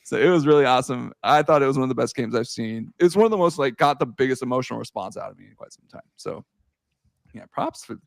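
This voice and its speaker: Animated man telling a sports story. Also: quick pace, creaky, dry recording, studio quality. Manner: animated storytelling, swearing, laughing, shouting at highs. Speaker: podcast host. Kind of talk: casual chat.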